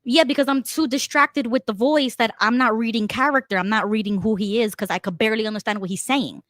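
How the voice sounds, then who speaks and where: Chatty higher-voiced woman co-host. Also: fast, a bit bright, dry recording. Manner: chatty, laughs often, reads viewer comments. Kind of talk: casual political chat.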